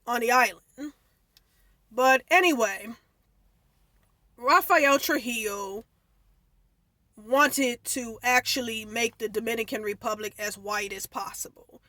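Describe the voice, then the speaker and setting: Bright-voiced opinionated woman vlogger. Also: on the high side, no room sound. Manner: opinionated, digressive, explains history. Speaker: commentary vlogger. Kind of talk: casual commentary.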